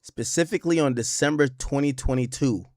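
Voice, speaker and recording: A man hosting a live stream, reacting to news with animated, profane commentary. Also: mid-range voice, fairly quick, dry recording, clean studio sound. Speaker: streamer host.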